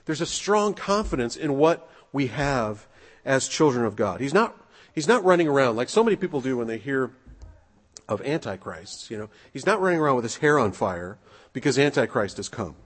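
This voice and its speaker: A man preaching a sermon in a church, talking things through casually and throwing rhetorical questions at his listeners. His voice is a little husky and sits in the middle of the usual male range, and a long hall reverb trails behind every phrase. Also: mid-range voice, sing-song, moderate pace. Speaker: pastor.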